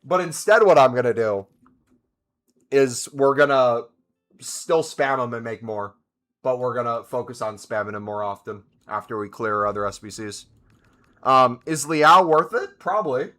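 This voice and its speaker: Bright-voiced male gaming streamer. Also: mid-range voice, moderate pace. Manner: chatty, reads and answers chat questions. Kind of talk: casual live-stream commentary.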